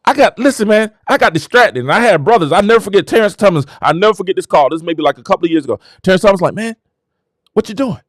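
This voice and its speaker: A man with a high, lively voice that leaps up and down as he preaches to his listeners. He talks like a show host in a casual motivational monologue, exclamatory and hyping himself up, and the sound is dry and close. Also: fast, no echo.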